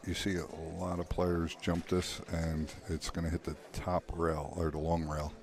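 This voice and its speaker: Deep-voiced guy doing pool play-by-play, laid back, riffing with his partner. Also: level tone, moderate pace, crowd noise. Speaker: pool commentator. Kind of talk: live pool commentary. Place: pool hall.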